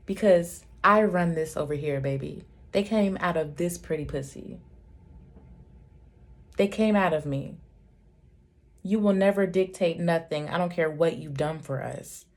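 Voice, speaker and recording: A woman's voice: fairly low pitch, moderate pace, vocal fry, darkish tone. A woman in her thirties telling a storytime vlog, talking in a heated, profane, emphatic way. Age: 30s. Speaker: vlogger, single mother.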